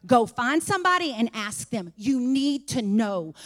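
A woman preaching a sermon in a church, testifying and rising to fervent shouts. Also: fairly high pitch, big pitch swings, unhurried, hardly any pauses, big-room sound. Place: church sanctuary.

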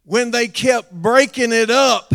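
A pastor preaching a sermon, swinging between shouted calls to the congregation and hushed, drawn-out storytelling. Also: male voice, extremely high pitch, vocal fry, clean tone. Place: church sanctuary. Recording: long reverb of a church hall.

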